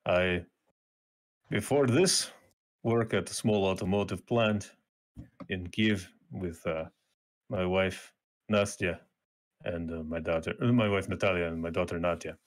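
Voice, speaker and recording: A man voicing a weary Ukrainian factory worker and desperate father, speaking halting, solemn, broken English in a Ukrainian accent during a tabletop role-play. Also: sits low. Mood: grave.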